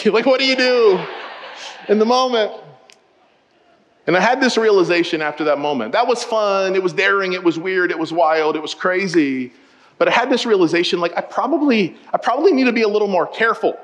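A man preaching a sermon to his congregation, telling funny personal stories and addressing the room directly in a lively, joking way. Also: high-pitched, a little fast. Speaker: pastor. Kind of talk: sermon with humorous storytelling. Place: church auditorium. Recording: reverberant church hall.

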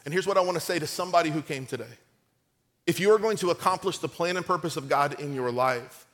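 A middle-aged man preaching a sermon, lively and conversational, acting out quotes in his stories, with a cold. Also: fairly high pitch, a little fast, long reverb tail. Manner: storytelling, animated and conversational, acts out quotes. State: has a cold. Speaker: pastor.

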